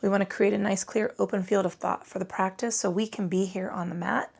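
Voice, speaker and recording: A woman's voice: medium pitch, fairly even intonation, fairly quick, creaky. A woman teaching a casual yoga class, chatty and profane, with rambling asides and a tired edge. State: tired from little sleep. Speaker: yoga instructor. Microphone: microphone.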